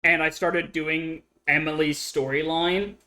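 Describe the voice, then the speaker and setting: Guest woman, lowish voice, chatty and rambling, filler-heavy storytelling. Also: steady tone, measured pace, pushed and bright. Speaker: guest streamer. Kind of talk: casual chat.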